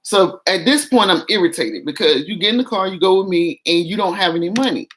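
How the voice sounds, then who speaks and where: A woman vlogger telling a story in a casual, animated and exasperated way, talking straight to her viewers. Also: fairly low pitch, a little fast.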